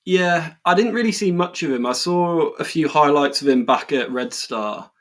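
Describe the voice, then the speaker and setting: A man co-hosting a football podcast, chatting in a relaxed way and often repeating words as he thinks. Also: a little high, normal speed. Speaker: podcast co-host. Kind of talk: casual football chat.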